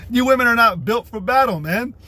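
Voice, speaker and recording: On a livestream, an American man preaches, swinging between blunt, profane rants and reading scripture aloud through his streaming setup. His voice is very high, bright, and forceful.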